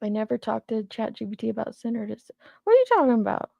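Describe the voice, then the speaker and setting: A woman's voice: on the high side, very animated, fast, vocal fry, mellow, no echo, clean studio sound. A woman in her thirties, hosting a casual livestream and chatting loosely while she reacts to viewer comments. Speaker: commentary channel host.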